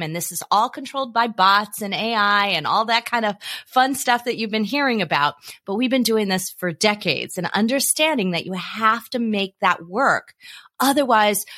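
A woman answering interview questions, telling lively stories and acting out the dialogue she quotes. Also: mid-range voice. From South Africa. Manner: animated storyteller, acts out quoted dialogue. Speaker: podcast guest.

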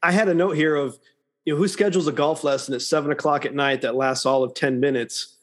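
A man's voice: fairly high pitch, steady tone, quick pace. A man co-hosting a podcast, talking casually about a movie, laughing often and restarting his sentences. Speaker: podcast co-host.

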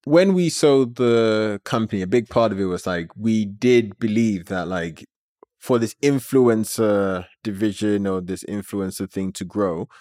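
A man, a company founder, telling a story as an interview guest in an animated way, with many filler words. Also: on the low side, measured pace, no room sound, clean studio sound.

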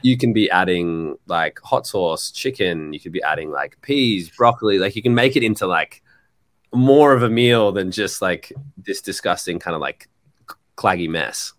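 Dude, really low voice, rambling casual chat, swears a lot, dry room. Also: male voice, animated, normal speed, fairly bright tone, dry recording. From Australia. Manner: rambling, swears freely, acts out quotes. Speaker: guest.

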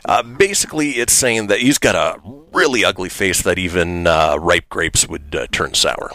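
A man's voice: low-pitched, moderate pace, pushed and bright. A man hosting a radio show in casual chat, laughing often and using many fillers.

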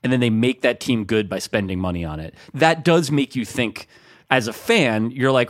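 A man co-hosting a sports podcast in casual chat, rambling and animated with many fillers. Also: on the low side, brisk, dry recording, clean studio sound. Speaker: podcast co-host.

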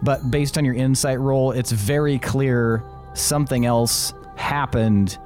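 A man's voice: medium pitch, steady tone, slow, darkish tone, soft background music. A man narrating as game master in a tabletop game, loosely and with lots of "like" and restarts. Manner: loose narration full of "like" and restarts, laughing along.

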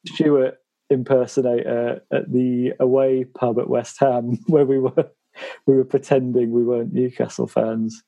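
A man's voice: mid-range voice, level tone, measured pace, vocal fry, warm tone, dull audio. A man on a football podcast who tells fan stories while laughing through them. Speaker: podcast co-host. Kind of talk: casual chat.

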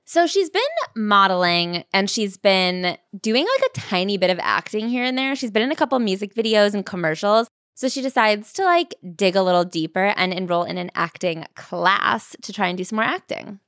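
A woman's voice: medium pitch, lively intonation, moderate pace, few pauses, a bit bright, no room sound, studio quality. A young adult woman co-hosting a podcast, chatting casually and dropping sarcastic asides. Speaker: podcast co-host. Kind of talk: casual chat.

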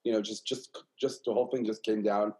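NY guy, 50s, guest storyteller, lively and repetitive. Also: fairly low pitch, a little fast, rough recording. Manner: animated, repeats himself, acts out quoted voices. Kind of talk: candid interview storytelling.

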